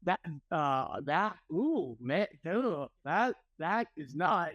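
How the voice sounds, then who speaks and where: A man co-hosting a podcast, reacting to a story with expressive interjections. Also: a little high, takes it slowly, no echo, muffled recording. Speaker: podcast co-host. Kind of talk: casual chat.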